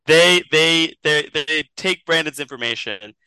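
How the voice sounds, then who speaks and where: Man, podcast host, improvised comedic storytelling, rambling, clear resonant voice, a bit higher. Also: a little slow, bright, forceful tone, dry recording, rough recording. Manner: rambling, chuckles through the story.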